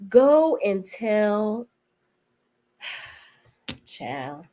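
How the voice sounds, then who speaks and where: A woman's voice: medium pitch, very animated, very slow, mellow. A woman giving a casual, blunt and profane recap of TV episodes, chatting straight to her viewers. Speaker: TV show reviewer.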